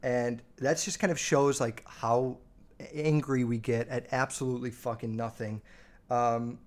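A man's voice: mid-range voice, steady tone, unhurried. A man hosting his own podcast, telling family stories in a loose, profane, filler-heavy way. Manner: swears constantly, lots of fillers. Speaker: podcast host. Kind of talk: casual storytelling.

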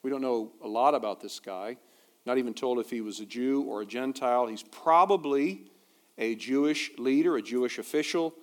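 A man preaching a sermon as a pastor, conversational and quick to toss in humorous asides. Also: medium pitch.

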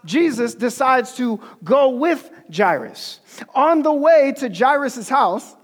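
A man preaching in a casual, animated way, retelling a story with slang and asides. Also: very high-pitched, slow. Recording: long hall reverb.

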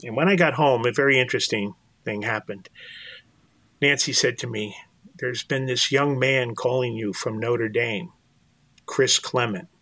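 A man's voice: mid-range voice, measured pace, fairly bright tone, no echo. An older man, telling a personal story earnestly as an interview guest, often repeating words as he goes. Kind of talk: storytelling in conversation.

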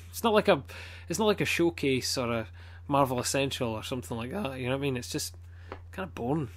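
A man's voice: medium pitch, lively intonation, a little fast, slight background noise. A man with a Scottish accent chatting casually as a podcast co-host, blunt, swearing a lot and rambling with plenty of fillers. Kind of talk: casual chat.

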